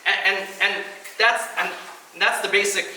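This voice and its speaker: A man's voice: high-pitched, steady tone, measured pace, pushed and bright. A man in his thirties giving a personal speech at a kidney donation event, telling his story earnestly and acting out the voices he quotes. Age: 30s. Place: event hall. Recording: echoey hall, mic at a distance, faint noise.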